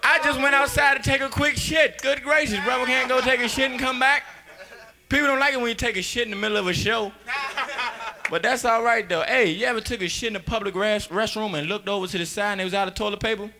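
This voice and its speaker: A young man doing a loud, rowdy stand-up comedy set, laughing between punchlines. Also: extremely high pitch, steady tone, fast, a crowd in the background.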